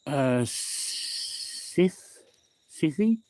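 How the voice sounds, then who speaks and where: A man's voice: on the high side, expressive, very slow, a little mellow, a little hiss or hum. A young man with a New Zealand accent chatting on a home livestream, rambling through a story and greeting viewers by name. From West Auckland, New Zealand. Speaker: livestream host. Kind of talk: casual livestream chat.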